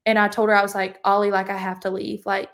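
A young adult woman shares her testimony as a podcast guest, chatting casually and filling her speech with "like." Her mid-range voice stays monotone, and she talks fast.

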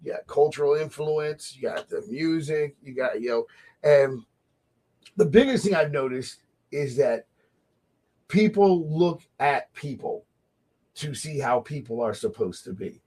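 Lively, laughing male radio host. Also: fairly high pitch, unhurried. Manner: animated, laughing often, acts out voices in quotes. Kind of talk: casual radio chat about faith.

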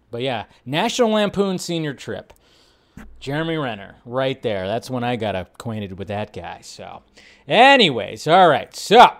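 A middle-aged man casually chatting on his live movie show, rambling with restarts and talking to his chat. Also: mid-range voice.

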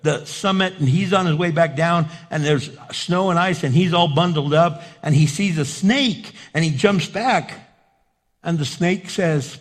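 A man's voice: on the high side, a little slow. A male pastor preaching a sermon with emphatic repetition and rhetorical questions.

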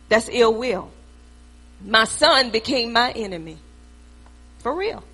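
A woman's voice: sits high, pushed and bright. A middle-aged woman preaching a sermon from the pulpit, speaking emphatically and conversationally and calling out to the congregation.

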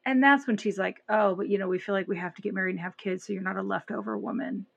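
A woman co-hosts a podcast, retelling scenes in lively, casual talk. She acts out the voices of the people she describes. Her voice sits at a middle pitch. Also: quick pace, vocal fry, lo-fi sound. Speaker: podcast co-host. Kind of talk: casual chat.

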